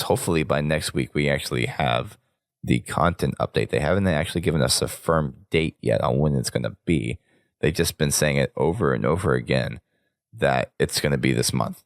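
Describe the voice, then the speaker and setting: A sick, hoarse man hosting a podcast, rambling casually through news and sign-off plugs. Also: a bass voice, no room sound, studio quality. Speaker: podcast host.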